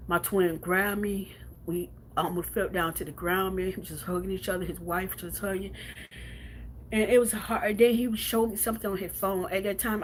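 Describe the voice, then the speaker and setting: A woman's voice: lowish voice, a little hiss or hum. A woman livestreaming from home, telling a painful personal story in a blunt, profane way with lots of repetition, then reading out viewer comments.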